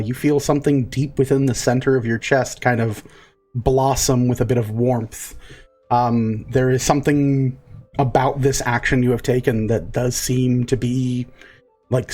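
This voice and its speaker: Game master, man, mid pitch, halting narration with lots of ums. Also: darkish tone. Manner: hesitant, many fillers.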